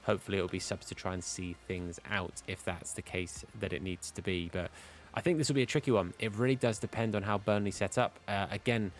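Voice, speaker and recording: A man's voice: deep voice, steady tone, a little fast, faint music behind. A young man giving casual play-by-play commentary on his football video game, chatty and commentator-like, with hiccups. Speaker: gaming YouTuber.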